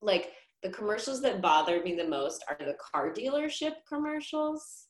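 A woman's voice: medium pitch, very animated, normal speed, reverberant, low-quality recording. A woman guest in a casual podcast chat, talking chattily and laughing often.

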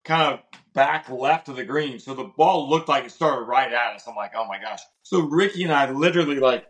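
A man, a podcast co-host, telling a story casually and excitedly, quoting his own reactions. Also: mid-range voice, fairly quick.

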